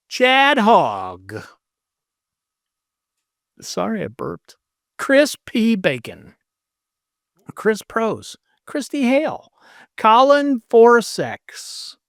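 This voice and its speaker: Slow, lively-voiced podcast host reading names. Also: mid-range voice, dry recording, studio quality. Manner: playful, deadpan jokes between names. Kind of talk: casual comedic chat, reading supporter names.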